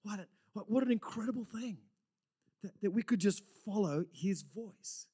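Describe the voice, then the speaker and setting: A man preaching a sermon, earnest and excitable, swinging from loud exclamations to hushed whispers and often repeating words. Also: sits high, moderate pace, slightly rough. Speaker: pastor.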